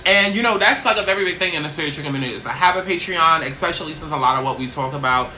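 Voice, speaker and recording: A woman chatting casually in a get-ready-with-me vlog, brash and profane, tossing in "okay?" constantly while seated low in a small chair. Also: rapid-fire, pushed and bright, a little hiss or hum, rough recording. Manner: brash, profane, sassy, keeps asking "okay?". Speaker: YouTuber.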